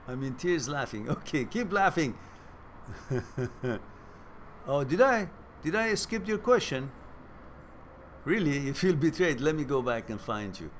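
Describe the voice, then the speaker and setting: A man of middle pitch hosts a casual live-stream Q&A, with a faint hiss behind him. He is playful and laughs often as he teases the people sending questions. He searches for his words and thinks aloud as he speaks. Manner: thinks aloud, with fillers and restarts. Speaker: host answering viewer questions.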